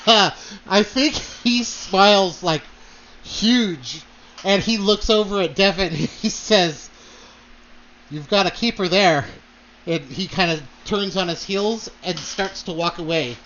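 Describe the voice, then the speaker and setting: Slow, high-voiced male game master. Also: fairly bright tone, muffled recording, a little hiss or hum. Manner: hesitant, many fillers. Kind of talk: narrating a tabletop role-play.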